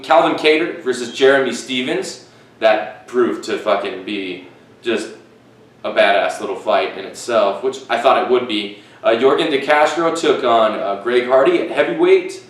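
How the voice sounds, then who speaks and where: Lower-pitched guy rambling and cussing through his podcast, kinda far from the mic in a really echoey living room. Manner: profane, rambling, self-correcting. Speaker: podcast host. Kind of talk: casual solo podcast chat. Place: living room with fish tank and fan. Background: fish tank, fan, dogs outside.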